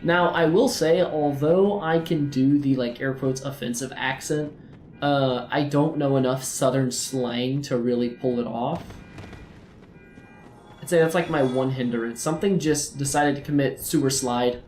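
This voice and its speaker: A man's voice: mid-range voice, measured pace, darkish tone, soft background music. Man joking in a put-on drawl. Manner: playful, slips into a put-on folksy rural drawl. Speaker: gaming video creator. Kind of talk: playthrough commentary. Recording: roomy echo, faint background noise.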